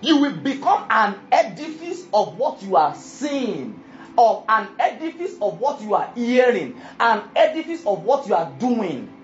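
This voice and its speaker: In an unhurried, sing-song, mid-range voice, a preacher presses his points emphatically and often asks the congregation if they follow. The lo-fi recording sounds dull.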